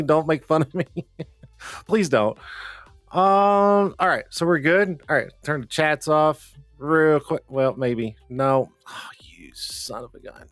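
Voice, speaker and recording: A man's voice: a little high, no room sound. A man hosting a casual livestream chat, joking and swearing as he goes, his voice a bit strained. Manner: loose, joking, swears and laughs often. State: slightly strained voice. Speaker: livestream host.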